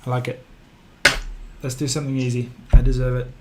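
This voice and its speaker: A man's voice: medium pitch, little pitch movement, fairly quick. A man with a New Zealand accent hosting a livestream, chatting casually and joking at his own expense while he works on a model kit. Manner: joking, self-mocking. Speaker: livestream host. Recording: clear background noise.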